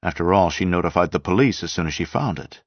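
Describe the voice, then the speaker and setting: A man voicing a quiet, protective husband in an audiobook reading, with a reasoned, defensive manner. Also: sits low, expressive, fast, dry recording. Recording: dull dry lo-fi sound.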